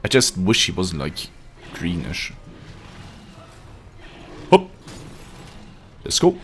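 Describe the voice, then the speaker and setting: This gamer's voice is low, with huge swings in pitch, and he talks extremely slowly. He jokes and swears while chatting to viewers on his live stream, with slight background noise in the clip.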